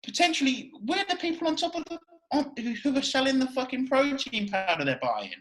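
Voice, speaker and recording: Brief: male podcast host, high bright voice, fired-up and profane in loose chat. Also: brisk, rough recording. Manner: excitable, swears a lot, repeats "you know what I mean". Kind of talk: casual chat.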